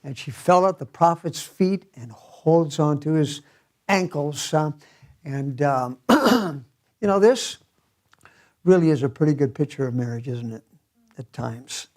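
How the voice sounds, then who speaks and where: Lively, animated male pastor preaching. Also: fairly high pitch, a little slow. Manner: animated storytelling with chuckles. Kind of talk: sermon. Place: church.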